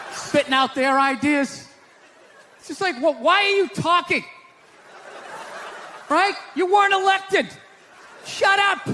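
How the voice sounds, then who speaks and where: High-pitched ranting man on a stage. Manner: loud ranting, mock outrage. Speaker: stand-up comedian. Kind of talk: stand-up set. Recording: live concert hall with crowd noise.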